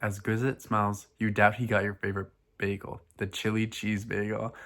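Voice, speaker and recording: Brief: male vlogger, lowish voice, dry mock-dramatic storybook read. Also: level tone, a little fast, hardly any pauses, fairly bright tone. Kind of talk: reading a fan fiction aloud.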